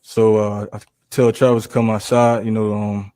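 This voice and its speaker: A young man testifying in court, hesitant and halting, with many restarts. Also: on the low side, little pitch movement, warm tone, no echo. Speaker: trial witness.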